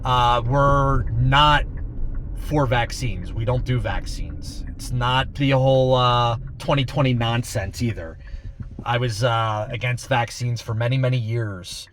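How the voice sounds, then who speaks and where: A man's voice: mid-range voice, slow, fairly bright tone, slight background noise. A man vlogging from inside a car, talking in a blunt, rambling, exasperated way. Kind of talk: casual monologue.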